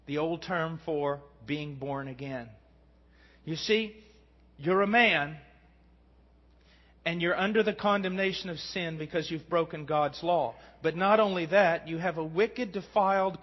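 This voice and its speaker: High-voiced male preacher in echoing hall. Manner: earnest preaching that swings from hushed to shouting. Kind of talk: sermon. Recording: dull recording in a long-reverb hall.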